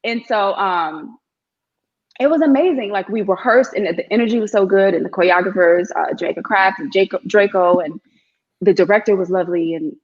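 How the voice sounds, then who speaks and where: A woman actress telling stories as a guest in a casual interview chat, animated and relaxed. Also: mid-range voice, a little fast. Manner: animated storyteller, frequent "you know what I mean". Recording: slightly dull lo-fi audio.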